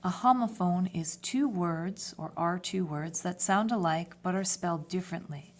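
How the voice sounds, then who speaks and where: Woman, somewhat low voice, teacher, clear step-by-step lesson. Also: normal speed. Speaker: French teacher. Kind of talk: classroom lesson.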